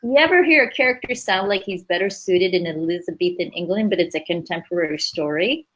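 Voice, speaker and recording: A woman's voice: on the low side, animated, brisk, a bit bright, low-quality recording. A woman leading a writing workshop in a chatty, upbeat way, laughing easily as she explains. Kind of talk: casual teaching chat.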